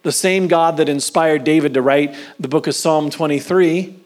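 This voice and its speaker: A man's voice: on the high side, steady tone. Man preaching a sermon with dramatic dynamics. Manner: dynamic preaching, swings from loud emphasis to soft whispers; slow, drawn-out emphasis on key phrases. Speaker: pastor.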